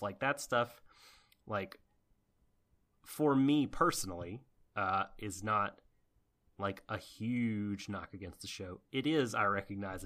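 Low-voiced man musing on anime. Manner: rambling, thoughtful, many fillers, trailing off quietly. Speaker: podcast co-host. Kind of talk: casual anime review chat.

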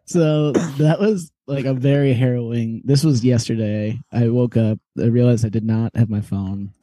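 A man with a mellow, medium-pitched voice tells a story at a moderate pace in a casual chat, recorded dry. He's a podcast co-host and an animated storyteller who acts out quoted voices and laughs often.

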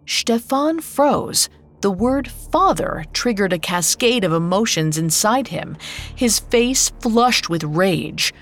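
A woman telling a fairy tale as a scripted podcast narration, measured and unhurried. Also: mid-range voice, animated, soft background music. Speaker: storyteller.

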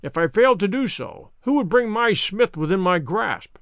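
A man voicing a brilliant, wry male detective who explains in a brisk, ironic, lecturing way. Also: high voice, sing-song, fairly bright tone, no room sound, clean studio sound, pitched above the performer's own voice, heavily acted. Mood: explaining.

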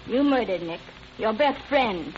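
A woman's voice: on the high side, expressive, unhurried, slight background noise. An actress playing a widow who steadily accuses a man, in 1940s radio acting. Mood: accusing. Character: grieving widow, firm and accusing. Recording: muffled old radio broadcast, from off-mic.

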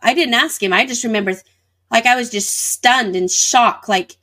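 A woman's voice: on the high side, moderate pace, sharp tone. Woman telling a personal story. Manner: vivid retelling with acted-out dialogue. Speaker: interview guest.

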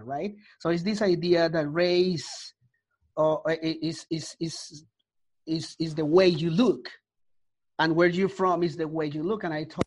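A man from Colombia, a guest in a casual conversation, telling his experiences earnestly and acting out the exchanges he recalls. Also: on the high side. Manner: earnest storytelling, acts out quoted exchanges. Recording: dull lo-fi sound.

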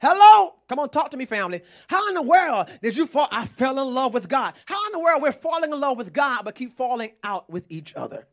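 A man's voice: very high voice, big pitch swings, brisk, few pauses, fairly bright tone. A man preaching a sermon with passion, calling out to the congregation.

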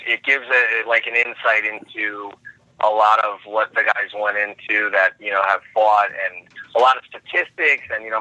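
A man's voice: on the low side, bright, forceful tone, no echo, low-quality recording. A man guest on a podcast, talking earnestly and reflectively in casual chat.

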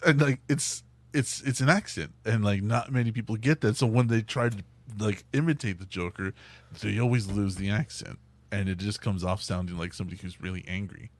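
A man with a fairly low voice in casual chat. He talks eagerly and keeps restarting his sentences, with plenty of fillers. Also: a little fast. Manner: enthusiastic, repeats words, many fillers.

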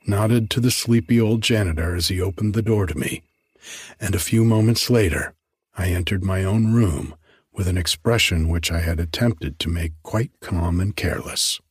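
A man reading a story aloud in a measured, earnest narration. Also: low voice, breathy edge, no room sound.

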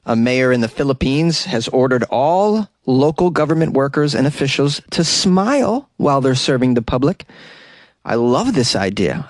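A man's voice: medium pitch, big pitch swings, moderate pace. A male host reads odd news stories in a casual, joking way, breaking off for wry asides and chuckling at his own jokes. He trips over unfamiliar names and keeps going. The sound is close and dry, with almost no room echo. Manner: stumbles over foreign names. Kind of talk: casual comedic news commentary.

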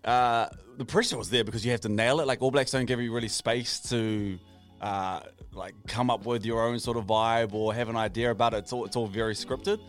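A man's voice: mid-range voice, fairly even intonation, a little fast, faint music behind. A man co-hosting a casual radio show, upbeat and leading the segments. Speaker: co-host.

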